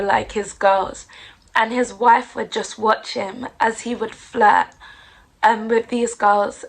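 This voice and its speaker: Woman podcast host, higher pitch, fry in the voice, unhurried and heartfelt. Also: poor audio. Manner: earnest, heartfelt. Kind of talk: reflective devotional monologue.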